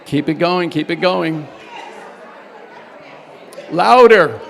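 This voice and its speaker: A man's voice: high voice, unhurried, vocal fry, fairly bright tone, big-room sound, a faint crowd. A man leading a workshop group exercise, coaching and urging the room on with energy. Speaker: workshop presenter.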